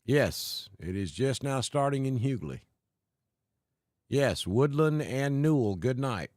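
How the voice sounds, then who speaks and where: A man's voice: mid-range voice, expressive, darkish tone, no room sound, studio quality. Folksy Southern man reading off weather greetings. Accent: Southern US, Alabama with north Georgia mountain mix. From Alabama. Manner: folksy, unhurried, greets viewers by name. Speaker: weather livestream host. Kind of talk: live weather stream, reading viewer comments. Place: home in northeast Georgia.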